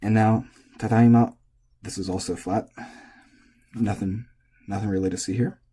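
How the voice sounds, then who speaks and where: A man teaching pitch in a relaxed, casual lesson, thinking aloud as he goes. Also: normal speed, breathy edge. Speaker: language teacher.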